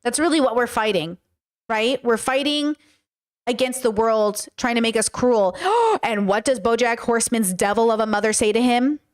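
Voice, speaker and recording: A woman's voice: fairly high pitch, normal speed. A woman hosting a podcast, talking frankly and casually with her chat, swearing now and then. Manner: chatty, frank, swears, acts out quoted speech. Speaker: podcast host. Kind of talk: casual commentary reacting to chat.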